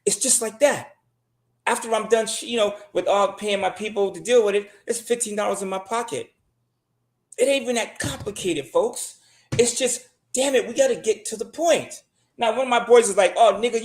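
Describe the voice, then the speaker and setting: Guy with a pretty high voice, blunt and cussing, just riffing on money stuff. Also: normal speed, reverberant. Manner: blunt, profane and emphatic. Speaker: guest on a money talk show. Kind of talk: casual monologue giving money advice.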